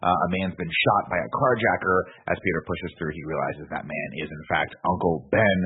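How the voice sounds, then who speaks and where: A man co-hosting a podcast, retelling film scenes in an animated way and laughing between lines. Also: low voice, husky. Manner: animated, laughing storyteller with quick voices. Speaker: podcast co-host. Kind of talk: casual movie review chat. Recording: tinny phone-like line.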